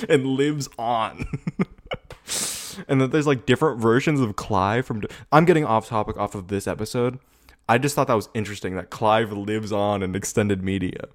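A young man with a fairly low voice gives loose, chatty commentary, swearing freely and breaking into laughs. He drifts off topic and circles back with a lot of filler. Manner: rambling, swearing, laughing often. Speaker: video podcast host. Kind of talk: casual rewatch commentary. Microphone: camera setup.

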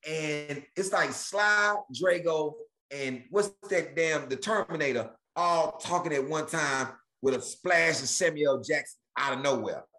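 A man from Houston, a comedian guest telling stories in lively chat and slipping into mock voices. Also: measured pace. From Houston, Texas. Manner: lively, mimics other voices, big pitch swings. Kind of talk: animated storytelling chat.

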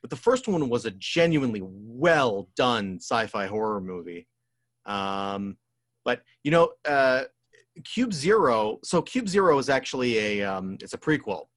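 A man of middle pitch on a podcast, talking loosely and at length. He pauses often on "um" and "like" while he gathers his thoughts. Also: very animated, a bit bright. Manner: rambling, full of "um" and "like". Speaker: podcast co-host. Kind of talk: casual chat about movies.

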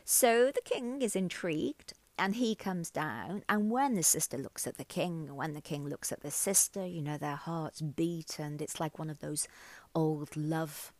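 Expressive woman telling a folk tale. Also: low-pitched, normal speed, hardly any pauses, no echo. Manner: expressive, reflective, uses fillers. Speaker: storyteller. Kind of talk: oral folk-tale storytelling.

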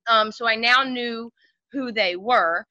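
A woman with a rather high, sharp-toned voice speaks slowly in a dry, slightly dull lo-fi recording with no echo. As a podcast guest, she tells stories casually and chattily, with plenty of fillers.

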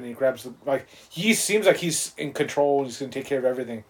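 A man co-hosting a podcast, chatting casually and excitedly about a movie, swearing often and acting out the scenes. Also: mid-range voice, quick pace, slightly rough. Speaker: podcast co-host.

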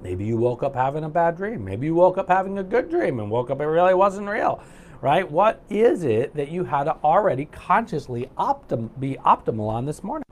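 A chatty man leads a morning live stream as a coach, his voice sitting a little high for a man. He talks loosely, filling gaps with "uh" and "right?" as he reads viewers' comments aloud. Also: very animated, moderate pace.

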